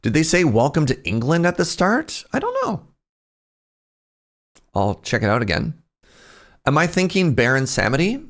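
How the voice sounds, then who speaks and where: A man's voice: fairly high pitch, huge pitch swings, normal speed, pauses often, a bit bright. A male streamer chatting casually as he reacts to game trailers, laughing often and thinking aloud.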